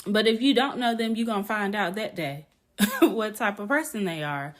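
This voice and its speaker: A woman hosting a casual podcast, telling a story in an animated, blunt way, laughing often and swearing casually. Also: mid-range voice, moderate pace. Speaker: podcast host.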